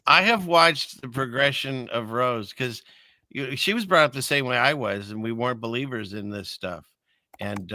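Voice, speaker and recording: Bright, dry-voiced male host. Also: medium pitch, no room sound. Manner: earnest, halting, faith-focused talk. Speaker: show host. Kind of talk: casual chat on an online show.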